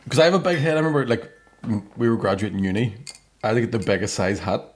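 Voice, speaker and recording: A man's voice: on the low side, slight background noise. A young man with a Northern Irish accent hosting a comedy podcast, telling crude stories in casual banter. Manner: rapid storytelling with crude banter. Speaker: podcast host.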